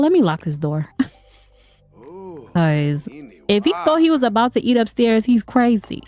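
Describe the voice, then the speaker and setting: A woman's voice: medium pitch, warm tone. A woman giving chatty let's-play commentary on a life-sim game, laughing often and talking to her viewers. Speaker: gaming video creator. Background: faint game music.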